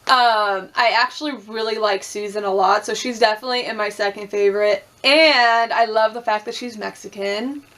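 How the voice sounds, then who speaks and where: A woman's voice: medium pitch, steady tone, normal speed, few pauses, fairly bright tone. A young woman chatting casually through a reality TV recap, swearing freely, acting out quotes and laughing often. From Puerto Rican and Cuban heritage.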